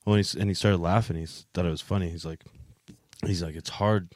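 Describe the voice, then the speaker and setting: A man's voice: deep voice, steady tone, fast talker, a little mellow, dry recording. A young man co-hosting a podcast, chatting casually with frequent swearing and laughter. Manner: crude, swearing, laughs often. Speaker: podcast co-host. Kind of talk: casual chat.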